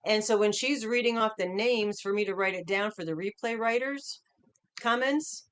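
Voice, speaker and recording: A woman's voice: mid-range voice, moderate pace, clear, resonant tone. Chatty woman greeting livestream viewers. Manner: chatty, upbeat, greeting names one after another. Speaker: livestream host.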